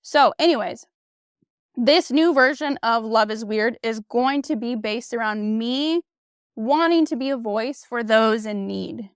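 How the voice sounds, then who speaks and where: A woman's voice: fairly high pitch, a little slow, clear, resonant tone, dry recording, clean studio sound. Blunt, candid woman on a podcast. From United States. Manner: candid and blunt, swears freely, frequent "like" and "you know". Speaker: podcast host. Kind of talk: casual solo podcast monologue.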